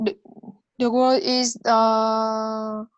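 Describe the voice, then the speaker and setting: A woman, a learner of English, answering hesitantly with many pauses and fillers. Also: fairly high pitch, little pitch movement, muffled recording. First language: Vietnamese. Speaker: student.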